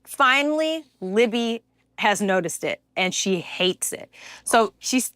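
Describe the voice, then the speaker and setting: A woman in her forties chatting casually on a podcast as a guest, telling animated stories and slipping into shrill playful mimicry. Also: a little slow, no echo, clean studio sound. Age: 40s. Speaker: guest, host's wife.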